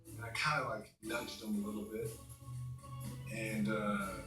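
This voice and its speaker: A man in a documentary interview, animated as he tells stories and mimics his own trash talk. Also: on the low side, a little slow, distant mic. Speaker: former basketball player, interviewee. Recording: roomy, off-mic, faint music.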